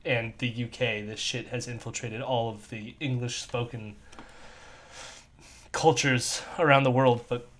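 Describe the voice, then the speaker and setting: A man's voice: mid-range voice, a little slow, slight background noise. A man hosting a stream, giving casual, profane commentary on video clips and laughing often. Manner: animated, laughs often, swears freely. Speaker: stream host.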